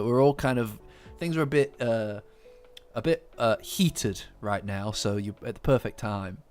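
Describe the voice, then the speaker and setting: A man's voice: medium pitch, a little mellow. A man hosting a live stream, chatting casually and teasing his viewers. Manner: playful, bantering with chat.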